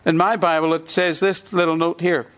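A man's voice: on the high side, little pitch movement, moderate pace, a bit bright. A man preaching a sermon in a conversational teaching manner, repeating his points for emphasis.

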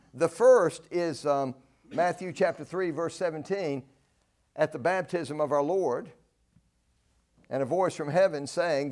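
A man's voice: a little high, a little mellow. A man from North Carolina, preaching a folksy, earnest sermon. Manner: earnest, folksy, rises to emphatic peaks.

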